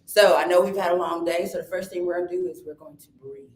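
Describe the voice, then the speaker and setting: A woman's voice: fairly low pitch, fast. A woman giving an inspirational talk on stage, coaxing the audience to repeat lines after her. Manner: energetic, coaxing the crowd, shifts into playful quoted voices. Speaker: motivational speaker. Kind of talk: live inspirational talk with audience call-and-response. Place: event hall with audience. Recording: echoey room.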